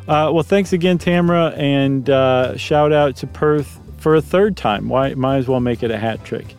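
A man's voice: medium pitch, normal speed, darkish tone, clear, resonant tone, faint music behind. A man co-hosting a podcast, chatting casually and rambling with fillers and jokey asides. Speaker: podcast co-host. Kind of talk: casual chat.

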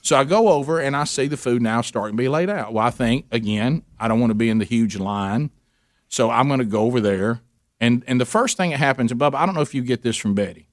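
A man's voice: mid-range voice, fast talker, no room sound, clean studio sound. An older man chatting as a regular on a talk show, telling a story at length and acting out the people in it. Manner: animated anecdote-telling, acting out quoted people. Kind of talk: casual storytelling chat.

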